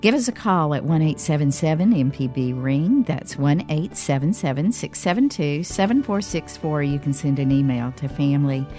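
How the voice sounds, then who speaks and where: A woman hosting a call-in radio talk show, speaking haltingly with many fillers and restarts. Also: low-pitched, animated, dark tone, faint music behind.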